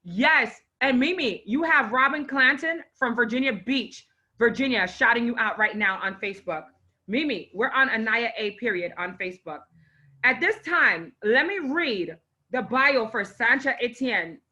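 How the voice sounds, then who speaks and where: Close to crying, this host of a live online show is effusive and full of exclamations while opening gifts and presenting her guest; her parents are Haitian. Her voice is fairly high, bright and forceful with lively intonation at normal speed, and the audio is lo-fi.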